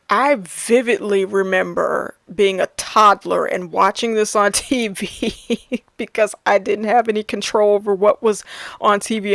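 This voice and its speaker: A woman's voice: medium pitch, a bit bright, no echo. A woman in her thirties chatting casually about her favorite films, laughing often and restarting her sentences. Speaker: movie reviewer. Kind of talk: casual movie review chat.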